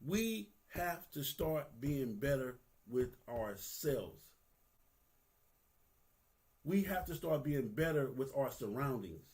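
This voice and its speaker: A man's voice: medium pitch, big pitch swings, takes it slowly, darkish tone. A man, giving a candid, earnest monologue that is profane and casual, with phrases repeated for emphasis. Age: 50s. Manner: profane, street-casual talk. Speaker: vlogger.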